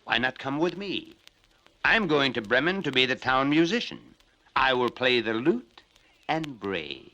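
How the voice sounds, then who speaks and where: A man's voice: medium pitch, sing-song, unhurried, pushed and bright, highs cut off, pitched above the performer's own voice. A man voicing a cheerful old donkey who talks in a jaunty, encouraging way.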